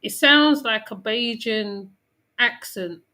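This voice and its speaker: A woman's voice: fairly high pitch, takes it slowly, sharp tone. A woman giving casual commentary in a matter-of-fact way.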